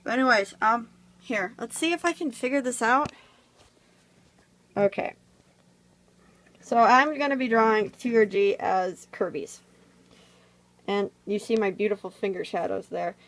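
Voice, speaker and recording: A woman's voice: on the high side, measured pace, pauses often, a bit bright, poor audio. A woman chatting casually while she draws, rambling with lots of fillers, recorded on a phone camera. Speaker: vlogger drawing on camera. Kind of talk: casual drawing tutorial chat.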